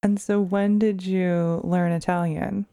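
A woman interviewer asking measured questions. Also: fairly low pitch, flat delivery, warm tone, smooth.

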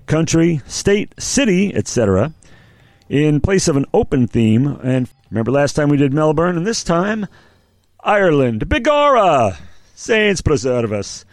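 A man's voice: fairly high pitch, big pitch swings, moderate pace, a little mellow, no echo. A man co-hosting a music podcast in a casual, joking, meandering way with lots of fillers. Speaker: podcast co-host. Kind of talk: casual chat.

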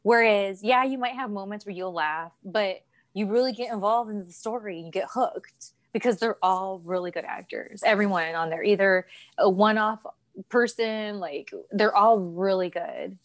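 A woman's voice: medium pitch, normal speed, no echo. A young adult woman co-hosting a casual podcast chat, telling stories animatedly and acting out quoted lines. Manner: animated storyteller, acts out quotes. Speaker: co-host.

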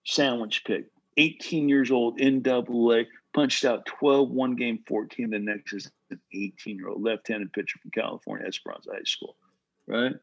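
Husky-voiced man giving blunt pitching advice. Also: muffled recording. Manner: animated storytelling, full of "bro" and "right?". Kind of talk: casual coaching talk.

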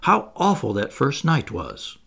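A man's voice: mid-range voice, wildly swooping pitch, measured pace, gravelly, fairly bright tone, husky, pitched above the performer's own voice, heavily acted. A man reading an elderly aristocrat who complains plaintively about his hardships. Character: elderly male aristocrat, kindly and pompous.

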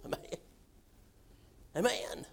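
A man preaching a sermon in a folksy, emphatic way, with shouts at times. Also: slow. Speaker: pastor.

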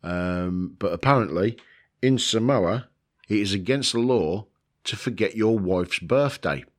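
A man's voice: fairly low pitch, expressive, unhurried. A man hosting a casual video, rambling through a list with lots of ums, joking about himself and swearing now and then. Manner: rambling, self-mocking, with frequent ums and swearing. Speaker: video host.

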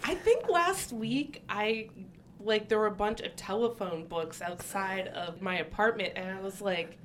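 Brief: mid-pitched woman host, chatty, with loud crowd noise behind her. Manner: chatty, with quick agreeing asides. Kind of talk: casual chat.

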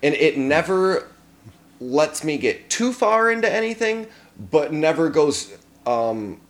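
A man co-hosting a casual movie podcast, swearing freely and talking in a relaxed, joking way. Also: fairly high pitch, slow. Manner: profane, laid-back, laughs often. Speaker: podcast co-host. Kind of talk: casual movie review chat.

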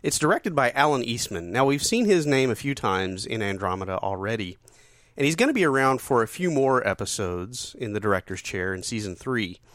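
A man's voice: mid-range voice, animated, a little fast, fairly bright tone, no room sound, clean studio sound. Jokey male podcast co-host. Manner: jokey, reading out trivia. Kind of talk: casual chat.

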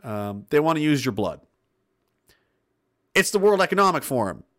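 A man's voice: fairly high pitch, very animated, moderate pace, a bit bright. A man hosting a livestream, reading out chat comments and ranting bluntly with lots of swearing and laughs between points. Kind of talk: casual ranting livestream talk.

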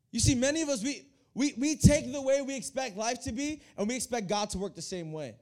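A young man preaching a lively sermon to a youth congregation, often repeating his words as he builds energy. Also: extremely high pitch, fairly quick, hardly any pauses. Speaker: youth pastor. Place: church hall.

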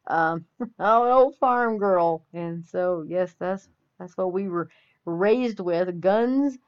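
A woman's voice: on the low side, smooth. A woman from the Texas Panhandle, hosting an opinionated monologue with a folksy, preachy and emphatic delivery. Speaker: podcast host. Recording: dull lo-fi audio.

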